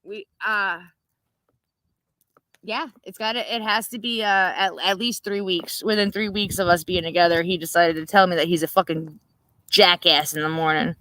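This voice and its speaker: Woman livestream host, crisp bright tone, swears freely, dry close sound. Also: fairly low pitch, steady tone, moderate pace, dry recording, rough recording. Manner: rambling, profane and laughing. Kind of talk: casual late-night chat.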